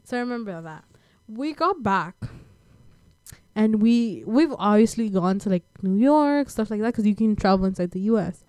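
A woman's voice: medium pitch, expressive, normal speed, a little mellow, smooth, no echo. A young woman from the United States telling a personal story in a casual chat, slangy and laid-back, with lots of fillers.

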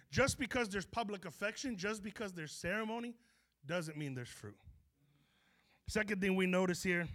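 Man, pastor, sermon, animated, slangy, bright forceful voice. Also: sits high.

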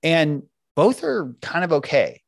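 Middle-aged male parenting coach, animated delivery, dry close sound. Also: fairly high pitch, a little slow, creaky, dry recording. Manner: animated, acts out parents and kids in quoted voices. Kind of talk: podcast interview explaining parenting techniques.

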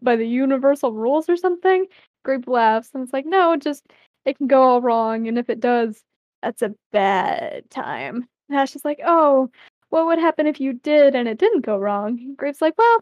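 A woman podcast co-host with a fairly high voice reads a story aloud and chats casually. She laughs often. The sound is dry and close. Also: lively intonation, a little fast, a little mellow, dry recording, muffled recording. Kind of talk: reading a co-written story aloud.

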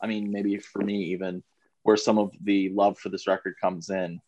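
Casting: lowish male voice, hesitant hedging podcaster, dry sound. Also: little pitch movement, moderate pace, a little mellow, dry recording, lo-fi sound. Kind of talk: casual music discussion.

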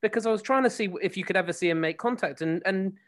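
A man with a voice on the higher side, retelling a match in casual chat. He rambles excitedly and circles back over details. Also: fast.

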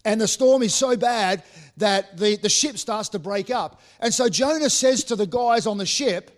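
High-voiced man preaching a sermon. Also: normal speed. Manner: repeats words as he restarts; acts out voices of Bible figures. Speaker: pastor.

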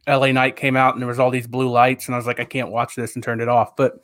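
A man of middle pitch chats casually on a podcast, hedging and rambling with many fillers. His voice sounds close and dry. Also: completely flat delivery, fast talker, fairly bright tone, dry recording. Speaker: podcast co-host. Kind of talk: casual chat.

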